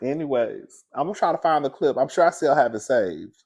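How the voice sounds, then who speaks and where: Male gossip host, middle pitch, loose chatty delivery, laughs constantly. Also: animated, brisk, gravelly, a little mellow, husky. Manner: chatty, laughing often, calls listeners girl and baby. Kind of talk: casual gossip commentary.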